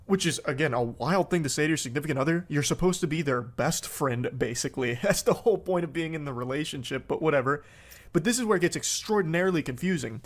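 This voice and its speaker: A man's voice: a little high, quick pace. Sarcastic man doing a stream commentary. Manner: sarcastic and incredulous, swears freely. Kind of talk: live-stream commentary reading text messages aloud.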